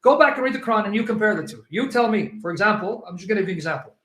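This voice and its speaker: A man's voice: sits high, lively intonation, rapid-fire, a bit bright, echoey room. A man debating religion with a listener, emphatic and insistent, pressing his points and quoting scripture with rising force. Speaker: Christian apologist.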